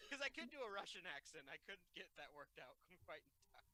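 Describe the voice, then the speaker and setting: Tabletop game player, bright voice, dry, matter-of-fact, in character. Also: medium pitch, very animated, normal speed.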